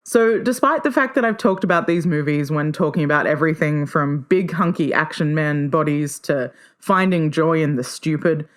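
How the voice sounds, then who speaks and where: A woman hosting her own podcast, talking solo in a playful, enthusiastic way and often jumping up in pitch with excitement. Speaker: podcast host.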